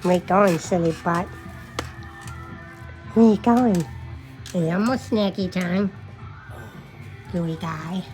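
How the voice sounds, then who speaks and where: A woman's voice: lowish voice, slow, pauses often, a little mellow, soft background music. A woman at home talking baby talk to her cats, cooing in a sing-song voice full of pet names. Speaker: cat owner filming her pets. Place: home indoors.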